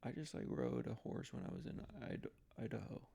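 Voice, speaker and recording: Gravelly man in loose podcast chat. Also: mid-range voice, huge pitch swings, brisk, warm tone. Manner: rambling, playful, trails off mid-sentence. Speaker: podcast co-host. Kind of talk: casual chat.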